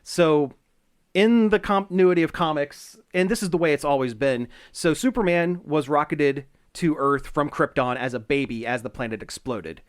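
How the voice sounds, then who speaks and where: A man's voice: fairly high pitch, normal speed, smooth, no room sound. Upbeat guy chatting on a nerd podcast, laughs a lot, dry close mic. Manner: animated, laughs often, filler-heavy restarts. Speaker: podcast co-host. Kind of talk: casual chat.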